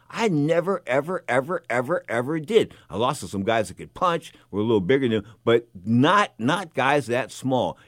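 A man's voice: fairly low pitch, no room sound, clean studio sound. An older man, a former boxer, talking casually and rambling through stories, repeating himself often. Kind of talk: casual monologue.

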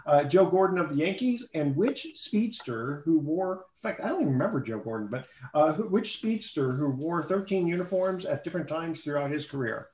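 A man hosts a casual sports show in a slightly higher-than-average voice, wandering through his questions with fillers and restarts. His voice carries the hollow ring of a roomy space. It comes through a video call. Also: lively intonation, brisk, few pauses, darkish tone. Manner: rambling with frequent fillers and restarts. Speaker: show host.

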